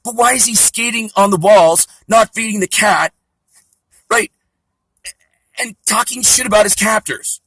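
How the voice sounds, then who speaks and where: A man's voice: high voice, measured pace, long pauses, a bit bright, breathy edge, no echo, low-quality recording. A man delivering a profane, sarcastic comedy rant.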